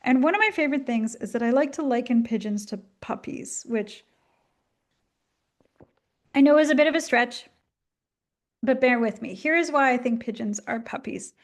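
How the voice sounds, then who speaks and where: A woman's voice: fairly high pitch, normal speed, pauses often. A woman giving a chatty, enthusiastic talk with many ums and asides, coughing now and then as she gets over a flu. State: coughing, at the tail end of a flu. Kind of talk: casual illustrated lecture.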